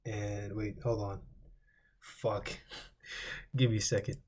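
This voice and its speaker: A man's voice: fairly low pitch, flat delivery, slow, husky. A man teaching a Bible lesson in a loose, rambling way, swearing casually and repeating lists as he recalls them. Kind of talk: informal scripture lesson.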